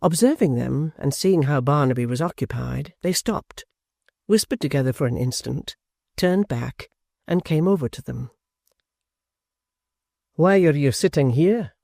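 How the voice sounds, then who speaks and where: An audiobook narrator reading a classic novel in a steady, expressive manner. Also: mid-range voice, normal speed, gravelly, no echo, clean studio sound.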